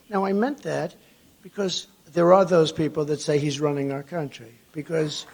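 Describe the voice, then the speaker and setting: An older man giving a rambling rally speech to a conference crowd, with mocking asides, swinging between loud and low. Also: steady tone, normal speed, gravelly, slightly rough. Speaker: political speaker at a conference. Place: large conference hall before an audience.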